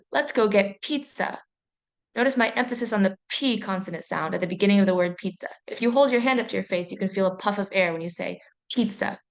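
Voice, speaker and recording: A young adult woman from a university, reading a training presentation in a clear, measured, explanatory way. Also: medium pitch.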